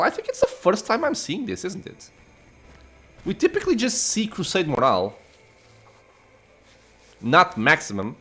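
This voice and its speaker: A man, host of a gaming channel, giving relaxed, casual commentary while playing. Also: sits high, a little slow, pauses often, husky. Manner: relaxed, laughs, says dude.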